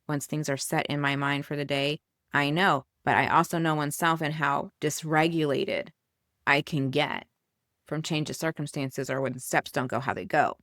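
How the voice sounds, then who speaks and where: A woman's voice: low-pitched, fairly even intonation, normal speed, a bit bright, no echo, clean studio sound. A woman hosting a podcast, talking casually and soothingly as she guides listeners through breathing. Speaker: podcast host and coach.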